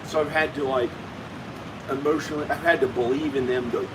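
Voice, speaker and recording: A man's voice: fairly high pitch, fairly even intonation, a little fast, noisy background. A man vlogging at home in a casual, rambling monologue, often repeating himself as he talks to the viewer. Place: at home indoors.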